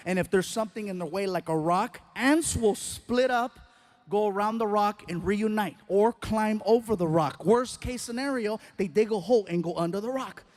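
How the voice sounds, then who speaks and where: A man doing stand-up before a live audience, telling an animated story and acting out the scenes. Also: high-pitched, normal speed. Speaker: stand-up comedian. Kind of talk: stand-up routine.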